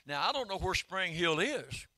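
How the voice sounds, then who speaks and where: An older man, preaching a sermon in a folksy storytelling way that swells into shouted calls. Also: high voice, sing-song, moderate pace, no echo. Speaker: pastor.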